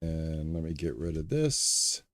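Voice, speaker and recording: Slow, relaxed male gaming streamer. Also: a bass voice. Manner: relaxed, chats with viewers between game remarks. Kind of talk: live stream commentary while playing.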